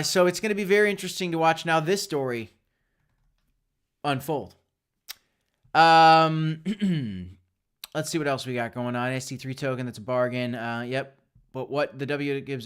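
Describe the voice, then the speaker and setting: A man's voice: fairly high pitch, fairly bright tone, smooth. A man hosting a live crypto stream, talking opinionated and direct to his viewers with frequent restarts. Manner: opinionated, talks straight to viewers; frequent restarts and self-corrections. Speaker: crypto livestream host. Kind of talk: casual live-stream commentary.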